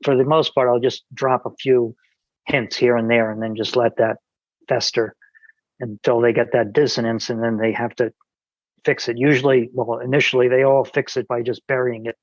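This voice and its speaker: A man's voice: medium pitch, flat delivery, moderate pace, no room sound, lo-fi sound. A man, a podcast guest, telling an anecdote in casual conversation, with many restarts and quoted dialogue.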